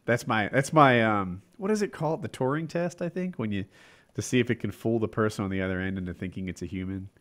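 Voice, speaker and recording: A man's voice: lowish voice, quick pace, a bit bright. Rambling man in casual chat. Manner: dry, rambling storyteller with frequent restarts.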